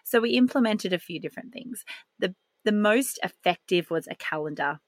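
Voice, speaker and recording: A woman, hosting a solo podcast and speaking in a calm, earnest, reflective way. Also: mid-range voice, normal speed, no echo. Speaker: podcast host.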